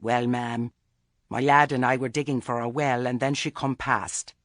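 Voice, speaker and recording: A man's voice: mid-range voice, level tone, moderate pace, a bit bright, dry recording, clean studio sound, natural voice. A man voicing a nervous, respectful villager with a rustic, hesitant way of talking.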